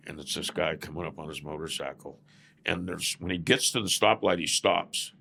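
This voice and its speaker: An older Southern California man, a former biker club president, guests on a podcast and tells rambling stories in a casual interview, saying "man" again and again. His voice is low with vocal fry, pushed and bright, at a normal speed. There's slight background noise.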